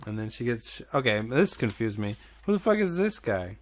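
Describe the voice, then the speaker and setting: A man's voice: medium pitch, sing-song, brisk, a little hiss or hum. A man giving casual, swearing commentary while playing a video game with a friend, laughing often.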